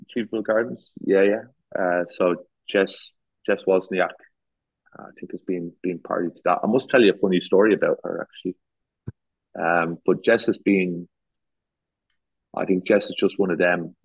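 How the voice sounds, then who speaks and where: A man's voice: low-pitched, steady tone, normal speed, gravelly, husky, dry recording. An Irish man, a garden designer, chatting casually as a guest, telling rambling anecdotes with many restarts and self-deprecating jokes, on a dull lo-fi recording. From Ireland. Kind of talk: casual storytelling chat.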